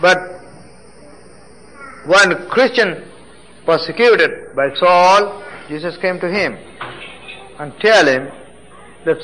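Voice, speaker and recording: A man's voice: fairly high pitch, slow, long pauses, pushed and bright, low-quality recording. A man from Nepal with a Nepali accent, preaching his testimony in fervent, broken English. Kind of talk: sermon testimony. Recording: faint hiss from an old tape.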